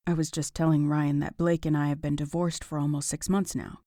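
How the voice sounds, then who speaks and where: A woman voicing a poised, friendly young divorced woman in a romance audiobook, polite and soft-spoken. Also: low-pitched, little pitch movement, brisk, no echo, studio quality, lightly acted.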